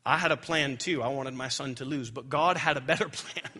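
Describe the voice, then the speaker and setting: A young adult man preaching a sermon with animated storytelling that swings high when he gets excited. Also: brisk, husky. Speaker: pastor.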